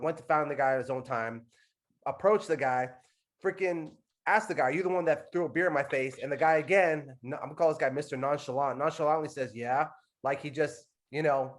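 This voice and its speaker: Slangy man retelling a friend's story. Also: a little high. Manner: playful retelling, slangy, says "bro". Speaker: host. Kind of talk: casual chat.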